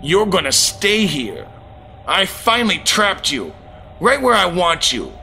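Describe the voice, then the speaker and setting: Man playing cruel mocking satan, slow drawn-out taunts, menacing male demon lord, spoken testimony. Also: high voice, huge pitch swings, creaky, pushed and bright, a little hiss or hum, heavily acted. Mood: taunting.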